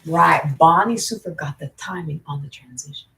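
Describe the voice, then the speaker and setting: A woman's voice: sits low, normal speed, gravelly, sharp tone, rough recording. A woman vlogger chatting casually to the camera, rambling, joking and swearing. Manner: rambling, jokey, profane. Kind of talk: casual vlog chat to camera.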